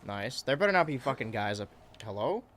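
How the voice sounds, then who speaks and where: A man's voice: medium pitch, very animated, brisk, fairly bright tone, slight background noise. A man playing a video game and talking over it with rambling, sarcastic jokes and asides. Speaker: gaming channel host. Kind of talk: let's play commentary.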